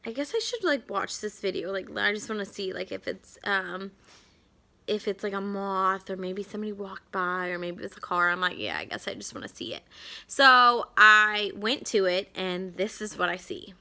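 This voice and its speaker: A young adult woman telling a story to camera in a chatty, animated way, full of "like" fillers. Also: medium pitch, moderate pace, gravelly. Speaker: vlogger.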